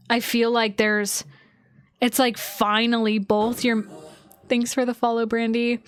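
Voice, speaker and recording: A woman's voice: mid-range voice, dry recording. A woman astrologer chatting casually on a livestream from home, loose and filler-heavy, with casual swearing.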